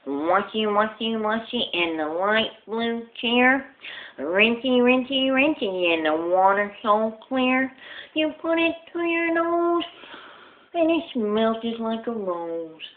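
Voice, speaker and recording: A woman's voice: fairly high pitch, expressive, unhurried, voice pushed up. A woman voicing a polite male soap salesman who talks with a lisp. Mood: singsong. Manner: eager, stammering, singsong chant. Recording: tinny phone-like audio.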